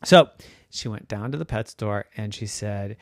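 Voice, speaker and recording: A man making up a bedtime story, in a playful, animated way. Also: lowish voice, no echo, studio quality. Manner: playful, animated, drawn-out phrasing.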